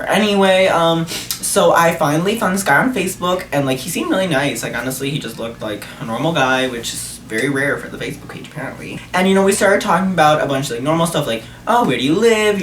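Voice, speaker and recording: Sassy young man telling a storytime vlog. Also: far from the mic. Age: young adult. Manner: sassy, animated, swears freely, jumps high in pitch when outraged. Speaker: vlogger. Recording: roomy echo, a little off-mic, faint hiss.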